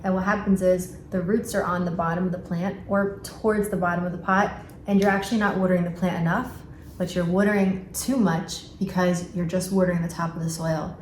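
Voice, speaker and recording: A woman's voice: fairly low pitch, fairly even intonation, brisk, a little mellow. A woman with a New York accent gives a casual plant-care vlog, chatting with lots of fillers and self-corrections as she repots plants at home. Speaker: plant vlogger. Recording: echoey room with clear background noise.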